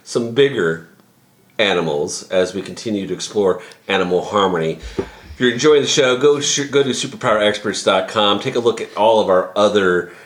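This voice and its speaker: A man's voice: fairly low pitch, normal speed. A man hosting a podcast, chatting casually and often repeating words as he goes. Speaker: podcast host. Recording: roomy echo.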